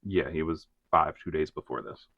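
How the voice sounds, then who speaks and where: A podcast co-host narrates a case in a deadpan, measured true-crime style, his voice very deep and gravelly. The audio is narrow and tinny, with no echo.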